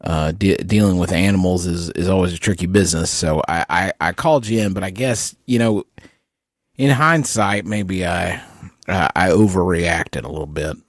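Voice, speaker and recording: A man's voice: low voice, no echo, clean studio sound. A man playing a stammering, sheepish park ranger. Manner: halting, stammering, lots of fillers. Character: rambling nervous male park ranger.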